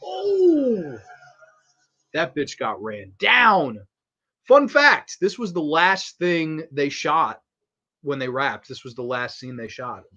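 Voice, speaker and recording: A man hosting a casual fan commentary on a movie, excitable and crude, laughing often. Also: a little high, takes it slowly. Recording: slightly dull lo-fi audio.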